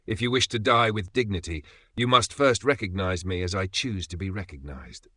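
A man voicing a huge, vain male dragon who booms grand declarations and demands praise. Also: normal speed, bright, forceful tone, dry recording. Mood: grandiose.

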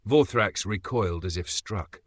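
Low-voiced man narrating a fantasy tale. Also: unhurried, no echo, clean studio sound. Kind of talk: scripted fantasy story narration.

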